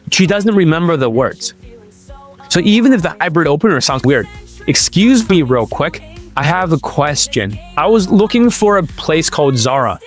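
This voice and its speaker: A man talking straight to camera as a dating coach, blunt and profane, in a slightly high voice. He keeps stopping to check that the listener follows. Faint music plays under him. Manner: blunt and profane, keeps asking "does that make sense?". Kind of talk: Q&A monologue to camera.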